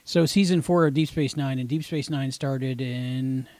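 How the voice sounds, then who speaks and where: A man hosts a podcast in a relaxed, thinking-aloud manner, often trailing off mid-thought. The recording is dry and close. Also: mid-range voice, unhurried, no room sound. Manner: musing and hesitant, trailing off. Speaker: podcast host. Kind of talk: casual podcast chat.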